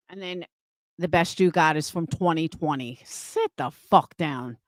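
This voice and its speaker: Mocking those who criticize her, a livestream host in her 50s delivers a profane, scornful rant. She speaks at a measured pace in a voice that sits low, with clean studio sound and no echo.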